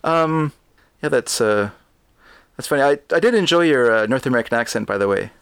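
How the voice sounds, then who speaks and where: A man's voice: mid-range voice, expressive, fairly quick, gravelly, clean tone, no echo. A Canadian man with a Vancouver accent, chatting casually as a podcast co-host, often laughing and trailing off mid-sentence. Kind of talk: casual chat.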